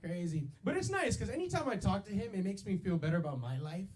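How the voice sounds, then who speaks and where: A young man doing a stand-up set on a club stage, talking into a handheld mic. His voice sits high and bounces all over the place. He keeps it loose and slangy, dropping yo and baby between lines. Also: sing-song, fast talker, darkish tone. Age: 20s. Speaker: stand-up comedian.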